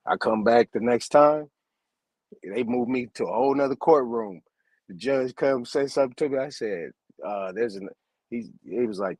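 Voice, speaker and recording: A man's voice: medium pitch, moderate pace, a little mellow, dry recording. A man telling a long story in a casual chat, laid back and acting out both sides of a conversation.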